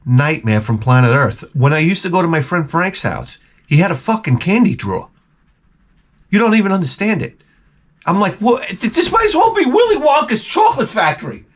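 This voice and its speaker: A middle-aged man rants in a rambling, profane, animated way, full of restarts. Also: a little high. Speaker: vlogger. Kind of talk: profane comic rant.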